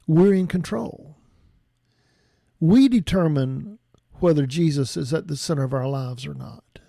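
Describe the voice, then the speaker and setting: A man's voice: a little high, warm tone, dry recording, studio quality. A man preaching a reflective sermon, thinking aloud with frequent restarts. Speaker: pastor.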